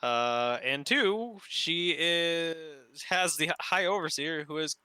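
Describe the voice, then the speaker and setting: Tabletop player, man with a very bright voice, eager, dry close sound. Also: on the high side, slow pace, clean tone, dry recording. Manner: eager, thinks aloud. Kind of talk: casual tabletop game chat.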